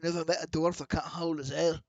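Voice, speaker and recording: A man voicing a gruff, hearty male tavern barkeep in a tabletop fantasy game. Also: on the high side, little pitch movement, quick pace, darkish tone, no echo, muffled recording.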